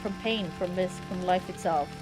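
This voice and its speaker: Brief: grave old male mentor giving counsel, read by a woman, measured, game music behind. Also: fairly low pitch, close to an everyday voice. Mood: solemn.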